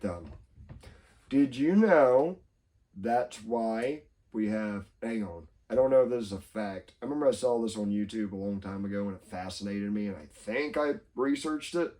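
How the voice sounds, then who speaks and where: A man's voice: on the low side, animated, moderate pace, dark tone. A young man co-hosting a casual podcast chat, rambling, laughing often and acting out quotes in silly voices. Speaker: podcast co-host.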